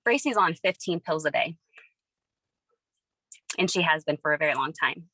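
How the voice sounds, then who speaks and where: A woman's voice: low-pitched, animated, normal speed, bright, forceful tone, breathy edge, dry recording, poor audio. Earnest woman telling a personal story. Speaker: testimony speaker. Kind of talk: emotional personal testimony on a video call. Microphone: video call.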